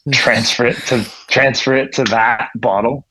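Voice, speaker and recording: A man's voice: mid-range voice, steady tone, a little slow, pushed and bright, dry recording. A young man from Ontario, a coffee professional and podcast guest, rambling in a laid-back way, swearing freely, with lots of "like.". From Ontario, Canada. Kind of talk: casual chat. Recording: dull lo-fi podcast audio.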